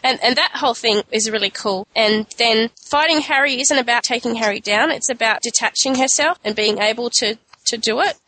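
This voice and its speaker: A woman's voice: fairly high pitch, fairly quick, few pauses, sharp tone, poor audio. A woman co-hosting a casual podcast, chatty and giggly as she talks.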